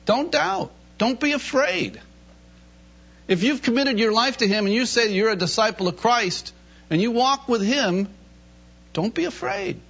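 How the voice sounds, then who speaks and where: A man preaching a sermon in an animated way, reading scripture and acting out the voices in it with laughter in between. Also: very high voice, measured pace, husky. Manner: animated, acts out Bible voices, laughs often. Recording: dull lo-fi recording.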